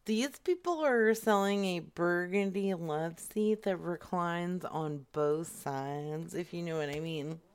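A woman's voice: on the low side, clean tone. A woman co-hosting a casual banter show, laughing often as she reads out listings. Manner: laughs often, slow drawl. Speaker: podcast co-host making prank calls.

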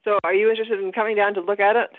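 A man's voice: high-pitched, flat delivery, rapid-fire. A man on a phone call who is half awake and talks in a hesitant, stammering, confused way. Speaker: caller selling an item. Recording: tinny dry phone line.

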